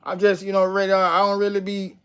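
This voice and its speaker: A man's voice: sits high, monotone, a little fast, fairly bright tone, clear, resonant tone. A man hosting a casual livestream, chatting loosely with viewers and reading out their comments. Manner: laid-back, chatty, reads out chat and answers viewers. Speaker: livestream host.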